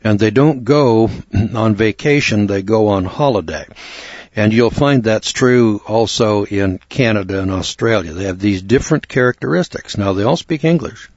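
A man from the United States teaching a Bible lesson in a measured, deliberate way, now and then clearing his throat. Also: on the low side, darkish tone, no echo. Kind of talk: explanatory Bible lecture. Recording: dull, dry recording.

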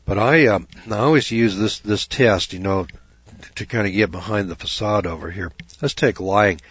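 A man's voice: on the low side, moderate pace, a bit bright, husky, no room sound. A man giving a folksy, preaching talk, rambling, repeating "you know" and putting questions to his listeners. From United States. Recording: dull dry lo-fi recording.

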